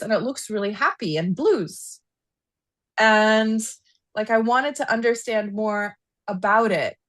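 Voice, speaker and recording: A woman guest on a podcast, telling a personal story in casual interview talk, animated and full of "like", her pitch climbing as she relives strong feelings. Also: dry recording. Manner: animated storyteller, frequent "like", rises in pitch when reliving anger. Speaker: podcast guest, equine therapist.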